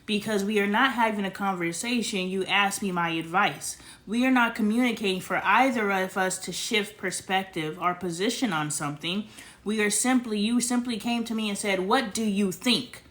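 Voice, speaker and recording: A woman's voice: medium pitch, normal speed, a bit bright. A young woman hosting a casual family livestream, talking bluntly in a lecturing tone and swearing freely. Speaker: livestream host.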